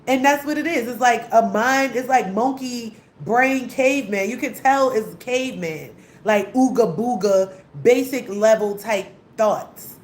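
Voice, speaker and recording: A woman's voice: on the high side, measured pace. A young woman, delivering a heated, blunt, profanity-laced rant as a vlogger. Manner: heated, blunt, repetitive, swearing often. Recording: echoey room with faint hum.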